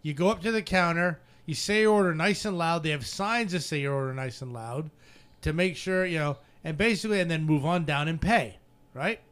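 A man's voice: on the high side, brisk, fairly bright tone. A man co-hosting a podcast, telling stories in casual chat, laughing often and swearing freely. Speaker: podcast co-host.

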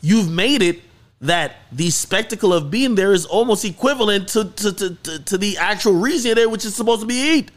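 A man hosting a casual podcast, his voice a little higher than most men's. He tells the story with big swoops in pitch, climbing to excited highs, and swears freely as he goes. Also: fairly quick. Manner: animated storytelling, swearing, rising to high excited peaks. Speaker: podcast host.

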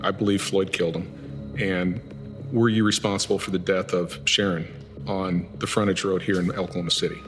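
A man's voice: low-pitched, moderate pace, in a large hall, music in the background. A man, a former FBI agent, recounting an interrogation in an interview, telling it with rising intensity. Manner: animated storytelling, voice rising in intensity.

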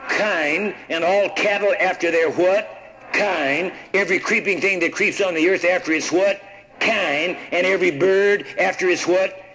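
A man's voice: high-pitched, unhurried, fairly bright tone, rough recording. A man preaching a sermon, reading scripture aloud and prompting the congregation to answer with "what?". He often repeats words and restarts his sentences.

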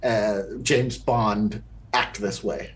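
A man's voice: on the low side, fairly even intonation, very slow. A man co-hosting a podcast, talking through a film in a rambling, casual way that is full of fillers and restarts. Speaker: podcast co-host. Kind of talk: casual movie review chat.

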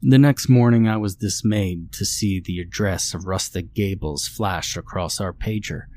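A man's voice: sits low, a little slow, darkish tone, a little hiss or hum. A man narrating a horror story in the first person, in a dry, matter-of-fact manner. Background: faint music.

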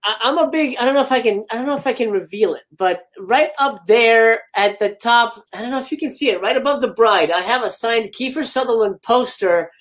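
A woman's voice: fairly high pitch, brisk, few pauses. A woman guest on a casual movie talk stream who speaks bluntly and swears freely.

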